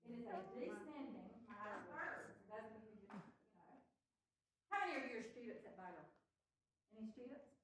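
An older woman, leading a children's music workshop in a chatty, animated way and asking the group to join in. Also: on the high side, moderate pace, crowd noise. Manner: chatty, animated, laughs often, asks the group to repeat. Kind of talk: teaching talk to a live group. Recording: echoey hall, mic from far off.

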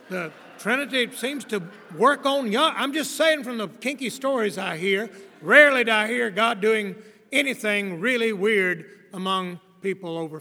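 A man's voice: sits high, sharp tone, in a large hall. A man in his sixties, a preacher giving a rambling, wry and blunt talk on preaching, with many fillers and restarts. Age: 60s. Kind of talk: lecture on preaching.

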